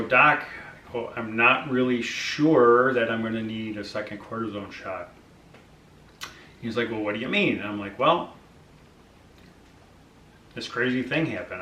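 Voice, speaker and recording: A man's voice: medium pitch, bright, forceful tone, distant mic, a little hiss or hum. Chatty man telling his story in an echoey room. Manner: conversational, acts out dialogue with frequent fillers. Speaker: vlogger sharing his diet journey. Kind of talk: casual personal storytelling.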